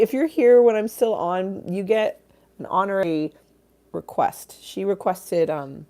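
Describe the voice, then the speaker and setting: A woman's voice: mid-range voice, lively intonation, a little slow, mellow. A woman hosting a casual livestream from her phone, rambling, swearing casually and reading out viewer comments. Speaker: livestream host.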